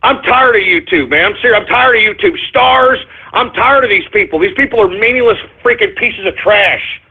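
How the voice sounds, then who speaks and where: A man hosts his radio show in a fuming, profane rant that keeps circling back on itself. His voice sits high and comes out husky. The sound is thin and boxy, like a phone call. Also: expressive, brisk. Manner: angry, profane, repetitive ranting. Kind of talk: ranting call-in radio monologue. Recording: muffled phone-line audio.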